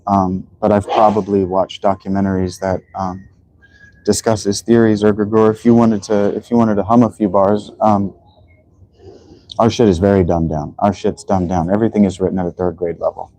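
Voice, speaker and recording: A man's voice: lowish voice, little pitch movement, normal speed, mellow, dry recording, low-quality recording. A man from the United States hosting a livestream, lecturing in a rambling way with many restarts and fillers. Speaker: livestream host. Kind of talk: casual livestream monologue.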